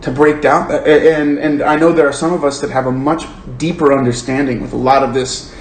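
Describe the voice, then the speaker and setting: A man with a medium-pitched, fairly even voice speaks fairly quickly while hosting a book club livestream. He reads comments and talks things through earnestly and thoughtfully, stammering and restarting, in a roomy echo with faint room noise.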